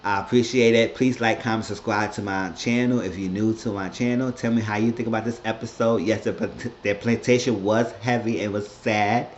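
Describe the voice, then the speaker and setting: Low-voiced man rambling through a recap. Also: fairly even intonation, moderate pace, few pauses, highs cut off, slight background noise. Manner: rambling, blunt, profane. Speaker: reality show recap vlogger. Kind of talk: casual commentary.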